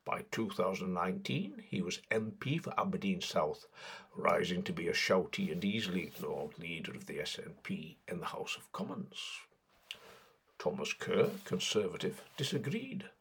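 A man's voice: sits low, very animated, normal speed, creaky, a bit bright, breathy edge. A man delivering sardonic satirical political commentary in a mocking, sarcastic way.

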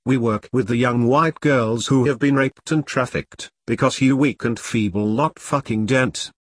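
A man's voice: mid-range voice, unhurried, no room sound, studio quality, lightly acted. A man voicing a fierce, one-armed woman who is an ex-soldier and activist, talking bluntly and defiantly in an audiobook. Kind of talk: audiobook character reading.

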